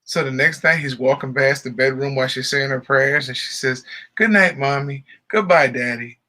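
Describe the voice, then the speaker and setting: Casting: male podcast co-host, bright and forceful tone, animated storyteller, casual banter. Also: mid-range voice, moderate pace. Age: adult father. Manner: joke-telling, animated, laughs often. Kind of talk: casual chat.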